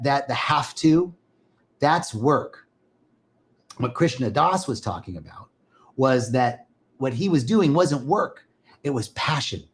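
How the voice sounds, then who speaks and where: A man hosting a spiritual live stream, talking casually and enthusiastically to viewers and greeting them by name. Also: medium pitch.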